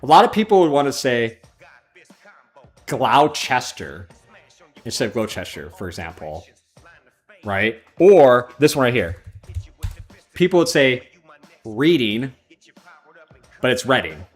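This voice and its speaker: A man with a Chicago accent hosting a gaming livestream, chatting casually and swearing, with loud outbursts at the game. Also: medium pitch, very animated, normal speed, pauses often, soft background music. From Chicago, USA. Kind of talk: casual chat while playing a fighting game.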